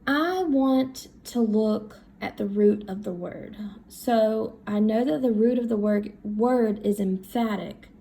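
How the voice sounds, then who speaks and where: A woman teacher giving a recorded reading lesson, talking slowly and thinking aloud as she works through words. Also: mid-range voice, vocal fry, warm tone. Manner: slow, thinking aloud while writing.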